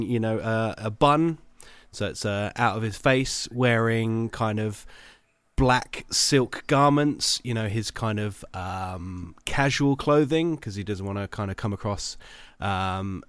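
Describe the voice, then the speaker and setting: Slow, hesitant man with a smooth voice. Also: mid-range voice, a bit bright, no echo. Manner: hesitant, many ums, slow. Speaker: player. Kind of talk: describing his character.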